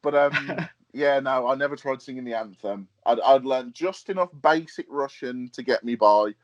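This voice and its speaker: A young British man, a guest on a podcast interview, chatting casually and telling lively stories with lots of fillers and laughs. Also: mid-range voice, normal speed. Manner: lively storyteller, laughs often, hesitant fillers. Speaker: wrestler and promoter, guest. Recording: dull lo-fi podcast audio.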